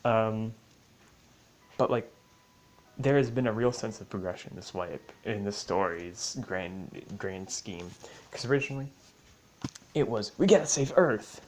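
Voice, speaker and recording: A man's voice: lowish voice, unhurried, pauses often, rough recording. A man casually recapping a game story, swearing and joking as he acts out other players' lines. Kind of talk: casual rambling recap with acted-out quotes.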